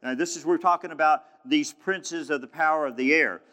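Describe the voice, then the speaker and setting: A man's voice: a little high, brisk, pushed and bright. A man preaching a sermon in a fervent, emphatic way, often restarting his phrases. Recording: long hall reverb.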